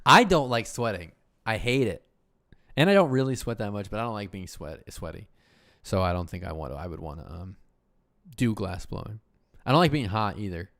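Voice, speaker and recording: A man with a lowish voice hosts a casual livestream, talking in loose, rambling runs. He keeps breaking off mid-thought and laughing. The sound is close and dry, with no room around it. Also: sing-song, brisk, creaky, fairly bright tone, no room sound. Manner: rambling, self-interrupting, laughs often. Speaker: host.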